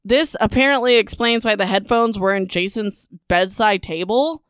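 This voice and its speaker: A woman's voice: medium pitch, moderate pace, a bit bright, clean tone, no room sound, clean studio sound. A young woman hosting a casual book recap podcast, talking in a sarcastic, dismissive way with lots of "like" and "whatever.".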